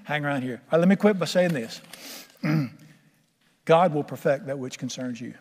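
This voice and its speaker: A man's voice: a little high, a little slow, darkish tone, breathy edge, long reverb tail. A man preaching a sermon to a congregation in a church, folksy, humorous and conversational. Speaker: pastor.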